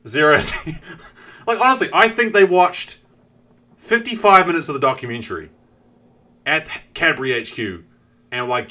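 A young man with a New Zealand accent, telling a story on a game stream in a profane, animated way. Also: on the high side, normal speed, pauses often. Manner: animated, profane, acts out the characters.

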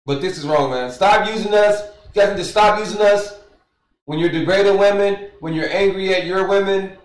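Animated streamer in a roomy space. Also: male voice, sits high, brisk, recorded from a distance. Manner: animated, emphatic, repeats his points. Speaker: streamer reacting to news. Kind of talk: reading texts aloud and ranting in commentary. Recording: roomy, away from the mic.

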